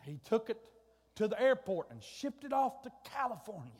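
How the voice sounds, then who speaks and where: A man preaching a sermon, telling a comic family story in a folksy way, his voice rising to shouts and drawing out words for emphasis. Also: high voice, very animated, normal speed, slightly rough. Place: church sanctuary. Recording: long hall reverb.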